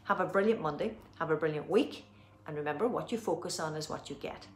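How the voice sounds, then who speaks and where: A woman with an Irish accent leading a guided tapping session, giving gentle instructions and slow, soothing affirmations. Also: low voice, a little hiss or hum. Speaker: tapping practitioner. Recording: roomy echo.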